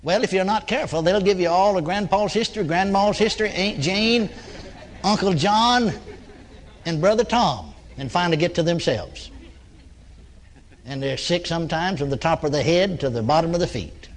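A man's voice: a little high, moderate pace, long pauses. A man preaching in a folksy storytelling sermon, acting out his talks with people who came for prayer and chuckling between points. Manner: folksy, acts out dialogue with congregants.

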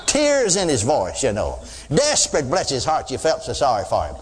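An older man preaching a sermon, telling folksy stories and acting out loud prayers. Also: medium pitch, huge pitch swings, normal speed. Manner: folksy storytelling, mimics praying loudly. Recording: reverberant hall.

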